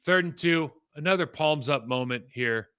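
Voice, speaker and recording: A middle-aged man casually breaking down football game film, animated and rambling with frequent asides. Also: on the high side, normal speed, clear, resonant tone.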